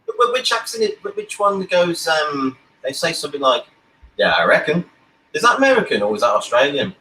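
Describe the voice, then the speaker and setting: A man chatting casually in a group, asking lively questions. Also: a little high, fast, reverberant, far from the mic, a little hiss or hum, rough recording. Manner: animated, questioning. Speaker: chat participant.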